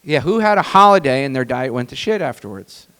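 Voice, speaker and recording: A man speaking as a doctor on stage, with a mid-range voice in a large conference hall where his words ring out with a long reverb. He is animated and keeps asking the room questions. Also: medium pitch, fairly quick. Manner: animated, asks the audience questions. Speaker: doctor giving a seminar. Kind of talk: conference seminar talk.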